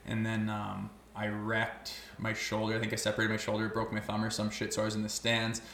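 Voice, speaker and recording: A man's voice: lowish voice, monotone, brisk, fairly bright tone, echoey room, a little hiss or hum. A man, a podcast guest, telling stories in loose, profane casual chat. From Canada (Olds, Alberta). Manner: loose and profane, swears constantly. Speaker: podcast guest, former hockey player.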